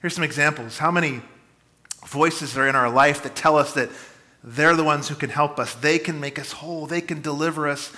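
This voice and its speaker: A man delivers a sermon with dynamic, swinging emphasis, rising loud and dropping to quiet asides. His voice is bright and forward, sitting a little high for a man. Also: steady tone, normal speed. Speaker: pastor.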